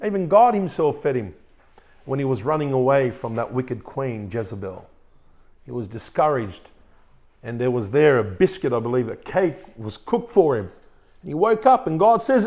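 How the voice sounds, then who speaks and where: A male pastor preaches a sermon, his pitch rising and falling with lively energy. His voice sits a little high for a man, and he reads scripture aloud along the way. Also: measured pace, long pauses.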